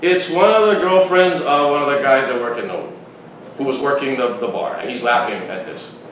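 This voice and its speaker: A man's voice: mid-range voice, brisk, a bit bright. A man hosting a podcast, telling a long story in rambling casual chat with frequent restarts. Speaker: podcast host. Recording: very echoey room, distant mic, faint noise.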